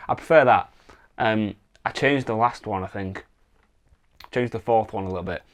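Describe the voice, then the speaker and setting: Low-voiced man teaching songwriting with guitar. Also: moderate pace. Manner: relaxed, thinks aloud with fillers, sings wordless vocal lines. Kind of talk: casual instructional talk with guitar demos. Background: acoustic guitar playing.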